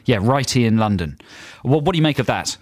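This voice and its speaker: Lively, teasing male radio co-host. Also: mid-range voice, brisk, no echo, clean studio sound. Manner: playful, teasing banter. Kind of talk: casual radio chat.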